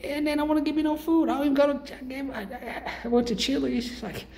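A man's voice: steady tone, fast talker, a little mellow. A man ranting in a comedic monologue as a self-styled sales guru, profane and rambling in streetwise slang, pushing his pricey programs. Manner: hard-sell pitchman. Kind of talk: comedic rant.

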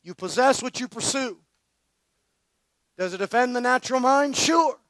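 A man preaching at a conference, telling a story in a loose, slangy and energetic way, full of fillers. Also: extremely high pitch, normal speed, dry recording. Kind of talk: storytelling sermon.

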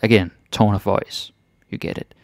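Male language teacher, low and gravelly, relaxed chatty delivery, dry close recording. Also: no room sound. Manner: relaxed, chatty, repeats phrases slowly then fast. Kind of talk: casual language lesson.

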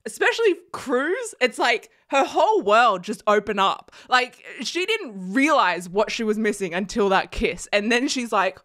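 Excitable young woman, high lively voice. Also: a little slow, hardly any pauses. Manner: excitable, gushing, laughing often. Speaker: reaction vlogger. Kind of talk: casual reaction chat.

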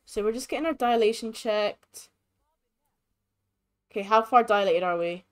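A woman's voice: a little high, normal speed, long pauses, clean tone. Chatty young woman narrating gameplay. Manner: chatty, expressive, sympathetic. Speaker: gaming creator. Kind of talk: casual gameplay commentary.

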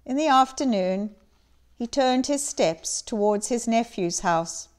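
A woman giving an expressive, measured dramatic reading of a classic story. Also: fairly high pitch, smooth. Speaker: reader.

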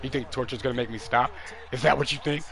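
This young streamer is live with a football video game, trash-talking and calling the action while his volume drops to mutters and jumps to yells. He talks fast in a steady, mid-range voice.

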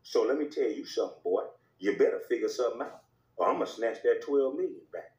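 A man's voice: mid-range voice, expressive, brisk, a little mellow, reverberant, voice pushed down, natural voice, low-quality recording. A man voicing a domineering male network boss who scolds and barks orders in a comedy skit. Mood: threatening. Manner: scolding, barking orders, profane.

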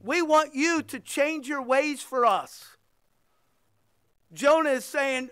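A man's voice: extremely high pitch, takes it slowly, long pauses, pushed and bright, no room sound, studio quality. A male pastor preaching a sermon and leading a closing prayer, impassioned and emphatic, repeating phrases for weight and quoting scripture.

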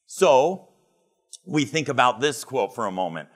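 A man's voice: medium pitch, expressive, unhurried. A middle-aged man giving a motivational keynote talk, telling humorous stories and acting out dialogue. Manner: humorous storytelling, acts out dialogue. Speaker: conference speaker. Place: live conference retreat.

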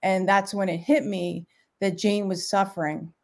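A woman's voice: medium pitch, fairly even intonation, a little mellow. Heartfelt middle-aged mother telling her story. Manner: heartfelt, halting, emotional. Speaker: parent guest. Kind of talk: personal storytelling in a live interview.

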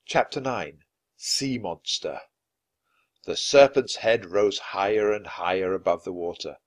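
A man reading a children's adventure book aloud, expressive and dramatic. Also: deep voice, unhurried. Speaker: storyteller.

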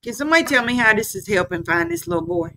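A woman's voice: very high-pitched, animated, fast talker, creaky, bright, forceful tone. A woman hosting a live stream, reacting to a clip with indignant, scornful rhetorical questions. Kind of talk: heated casual commentary.

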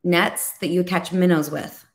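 A woman who leads a ministry, preaching on a video call and telling stories in an animated way, acting out the voices she quotes. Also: on the low side, a little slow. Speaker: ministry leader and co-host.

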